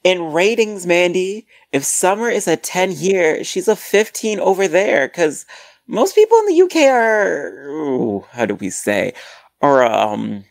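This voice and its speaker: A woman's voice: on the low side, sing-song, a little slow, dry recording. A woman voicing a crude, boastful young man in a scripted comedy podcast. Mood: bossy.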